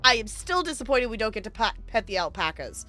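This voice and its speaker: A woman streaming a narrative game live, reading its text aloud and gushing with quick laughs between lines. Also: fairly high pitch, big pitch swings, pushed and bright, soft background music.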